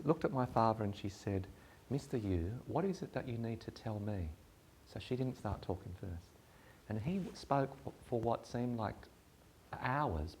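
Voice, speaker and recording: A man presenting a talk, telling a personal story in an animated, wry way. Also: on the low side, a little hiss or hum.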